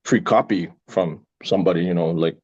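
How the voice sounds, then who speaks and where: A man's voice: sits low, fairly quick, muffled recording. A middle-aged man, an actor chatting casually as a guest and telling stories with lots of laughter. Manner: laughing, animated storyteller. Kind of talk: casual chat.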